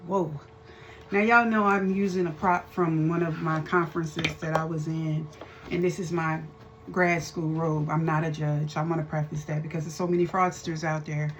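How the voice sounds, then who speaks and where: A woman's voice: deep voice, flat delivery, moderate pace, a little hiss or hum. A woman hosting a faith-based commentary vlog, talking to her viewers in a fervent, preacher-like way. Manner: addresses viewers as y'all. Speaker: host.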